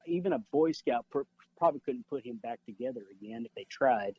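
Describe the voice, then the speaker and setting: A man's voice: mid-range voice, lively intonation, fairly quick, breathy edge, no echo, narrow, tinny audio, soft background music. A man co-hosting a casual wrestling podcast, trading wisecracks and laughing often. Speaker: podcast co-host.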